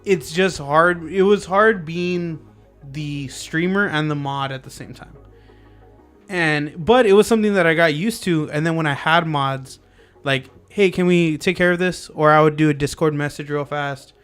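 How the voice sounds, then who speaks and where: Male podcast host, casual and rambling, slightly raised pitch, soft music bed. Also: a little slow, smooth. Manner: loose and rambling, lots of fillers and restarts. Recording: lofi music underneath.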